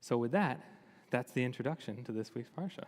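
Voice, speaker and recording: A man, a rabbi, giving a sermon on the weekly Torah portion, telling it lively and asking many rhetorical questions. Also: medium pitch, brisk. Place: synagogue sanctuary. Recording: long reverb of a large hall.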